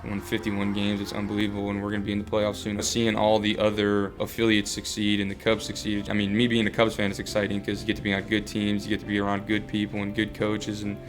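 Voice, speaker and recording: Fast-talking young man, flat and low. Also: faint music behind. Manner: earnest, fast, with many fillers and restarts. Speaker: baseball player interviewee. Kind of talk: casual interview.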